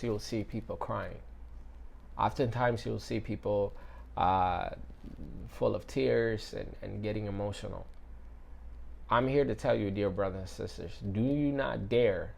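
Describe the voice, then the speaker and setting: A man giving a casual devotional sermon in an earnest, conversational way, often leaning on fillers. His voice has a gravelly fry at the ends of phrases. At times he drops to a hushed, quiet delivery. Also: mid-range voice. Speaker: preacher.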